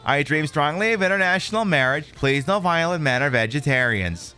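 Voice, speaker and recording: Dude doing a high coy young lady voice, singsongy, lively. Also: a little fast, smooth.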